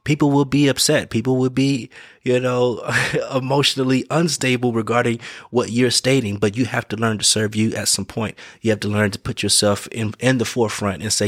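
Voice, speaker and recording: A vlogger gives casual, earnest motivational life advice, repeating his points, correcting himself and checking in with the listener. His medium-pitched voice is level and fairly quick, recorded cleanly in a studio with no room sound.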